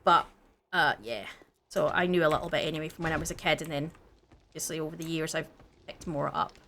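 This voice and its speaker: A woman from the Scottish Highlands with a Scottish accent, co-hosting a gaming video and chatting casually, rambling with lots of fillers and restarts. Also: fast talker, a bit bright, slight background noise. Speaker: gaming channel co-host. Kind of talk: casual chat while gaming.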